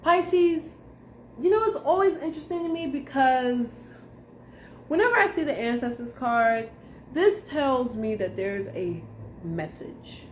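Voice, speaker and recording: A woman's voice: high-pitched, animated, measured pace, a little hiss or hum. A young woman giving a casual tarot reading to camera, blunt, slangy and profane as she talks straight to viewers. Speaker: tarot reader.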